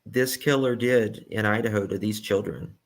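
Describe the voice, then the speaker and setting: A man's voice: fairly low pitch, moderate pace. A man giving emphatic true crime reaction commentary and repeating his key points.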